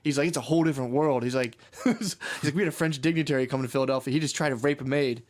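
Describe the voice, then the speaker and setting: Fast-talking rambling podcast co-host man. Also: medium pitch, a little mellow. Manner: rambling storyteller, lots of "dude" and "bro". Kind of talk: casual comedy podcast banter.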